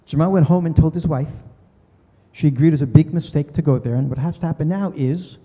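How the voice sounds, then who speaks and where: In a reverberant synagogue hall, an older man gives a talk, his voice fairly high and brisk. He tells a story earnestly, taking on the voices of the people in it. The recording sounds dull.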